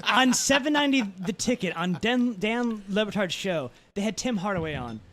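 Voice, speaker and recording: A man's voice: high-pitched, lively intonation, normal speed, fairly bright tone, a little hiss or hum. A young man co-hosting a podcast, telling stories in a rambling casual way with many fillers. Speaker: podcast co-host. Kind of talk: casual chat.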